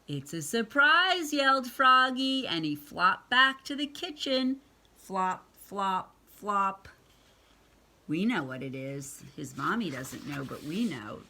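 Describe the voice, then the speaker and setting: A woman's voice: fairly low pitch, expressive, slow pace, sharp tone. A woman reading a picture book aloud to children, adding chatty asides and questions for her young listeners. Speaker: read-aloud storyteller.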